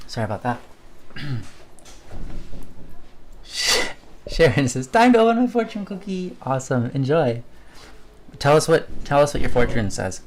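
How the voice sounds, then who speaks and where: A man's voice: fairly high pitch, animated, normal speed, pauses often, a little hiss or hum. A man co-hosting a livestream, reading viewer chat aloud in rambling, casual talk full of fillers and restarts.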